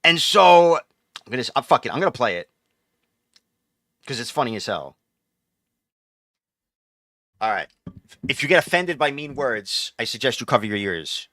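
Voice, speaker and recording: A man's voice: medium pitch, animated, moderate pace, pauses often, sharp tone, dry recording, studio quality. A man hosting a live stream, telling a story in a casual, profane, exasperated ramble full of restarts. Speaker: livestream host.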